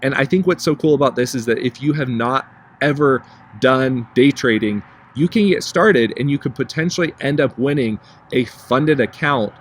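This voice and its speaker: A young man talks casually to his viewers, chatty and informal, with plenty of fillers. His pitch sits in the middle range. Faint road noise hums behind him. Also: normal speed. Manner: chatty, repeats 'you guys' and 'like'. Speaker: vlogger. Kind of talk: casual talk to camera. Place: driving in a car.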